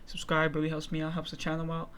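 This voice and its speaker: A man's voice: a little high, completely flat delivery, quick pace, a bit bright, a little hiss or hum. A young man hosting a clip channel, casually rambling through an intro with many fillers.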